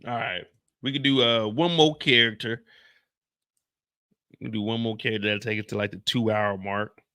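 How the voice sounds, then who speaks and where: A man's voice: lowish voice, steady tone, normal speed, pushed and bright. A young man hosting a live stream, talking loosely in a chatty, casual way and repeating "like" and "you see what I'm saying". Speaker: streamer reviewing a TV episode.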